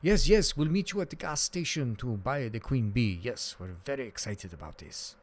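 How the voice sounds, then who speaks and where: A man's voice: mid-range voice, lively intonation, normal speed, natural voice. A man acting out eager Russian buyers, in a thick put-on Russian accent. They sound overly polite and keen, repeating yes. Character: eager Russian queen bee buyers on a phone call.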